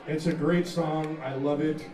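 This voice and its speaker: A man, a rock singer, telling a profane, animated story between songs at a live music venue, laughing and acting out the scene. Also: on the high side, a little slow. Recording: echoey live room, mic far off, loud crowd.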